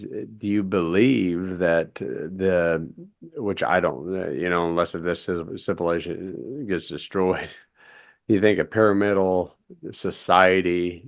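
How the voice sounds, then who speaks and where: A man hosting a podcast, easygoing and chatty with loose fillers. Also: deep voice. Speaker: podcast host. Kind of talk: casual conversation.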